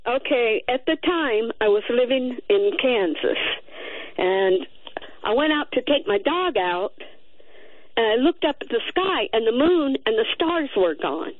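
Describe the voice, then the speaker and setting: A woman calling in to a radio show, telling a story with excited, lively delivery. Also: fairly high pitch, a little slow, no room sound. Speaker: caller. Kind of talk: call-in radio chat. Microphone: telephone. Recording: tinny phone line.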